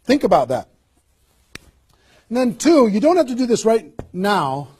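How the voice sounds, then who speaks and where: High, husky-voiced man giving a pep talk. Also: measured pace. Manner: energetic, repeats rhetorical questions, coaching the audience. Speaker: network marketing trainer. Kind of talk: motivational seminar talk.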